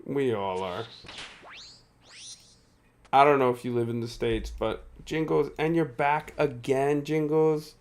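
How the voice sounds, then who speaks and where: A man's voice: medium pitch, fairly even intonation, slow pace, pauses often, a little hiss or hum. A tired male streamer giving casual live gameplay commentary, chatting with viewers and laughing often. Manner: chatty, reads and answers viewer chat, frequent laughs.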